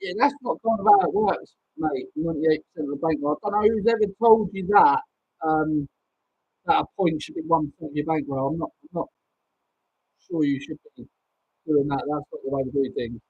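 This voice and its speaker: Frustrated, sweary man, high-pitched. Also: a little fast, highs cut off, a little hiss or hum. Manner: frustrated, sweary, responding to chat. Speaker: racing tipster host. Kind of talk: live stream chat.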